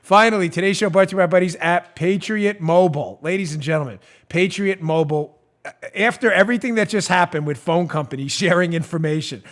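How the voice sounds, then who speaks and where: A man in his forties hosting a political talk show, mocking and animated, often breaking into laughter. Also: high voice, fairly quick. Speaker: host.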